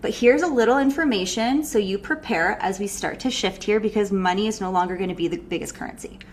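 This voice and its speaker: A woman breathwork coach giving an animated, casual live online workshop, swearing freely and laughing often. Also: medium pitch, quick pace, a little hiss or hum.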